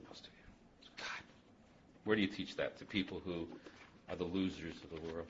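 A man giving a personal testimony talk as a speaker at a recovery meeting, an animated storyteller who laughs often and then drops to a hush. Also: low voice, moderate pace, long pauses, a little hiss or hum. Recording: muffled lo-fi recording.

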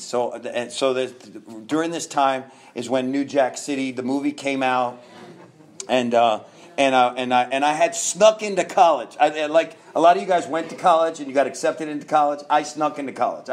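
A man's voice: medium pitch, fairly even intonation, brisk. A man in his fifties from New York, a guest telling his own story candidly, rambling with restarts and laughs.

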